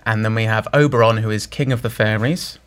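A man's voice: fairly low pitch, fairly even intonation, fairly quick, clean tone. A male stage actor describing his roles, cheerful and a touch theatrical. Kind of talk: interview chat.

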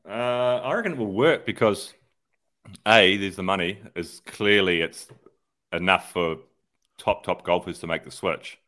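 A very deep-voiced man co-hosting a podcast. He talks in a laid-back, rambling way and swears freely. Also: unhurried, sharp tone. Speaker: podcast co-host. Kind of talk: casual chat.

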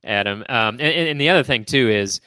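A man's voice: medium pitch, lively intonation, a little fast, bright, forceful tone, clean tone, no room sound. A man hosting a casual sports podcast, talking things over with fillers and putting questions to his co-hosts. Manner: conversational, many fillers and restarts, poses questions to co-hosts. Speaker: podcast host.

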